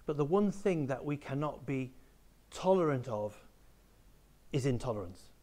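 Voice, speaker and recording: A man delivers a school assembly talk at an ordinary, middling pitch. He explains things plainly and speaks straight to the pupils, like a teacher walking them through an idea. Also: expressive, a little slow, mellow. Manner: explanatory, addresses pupils directly. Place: school room with a small live audience.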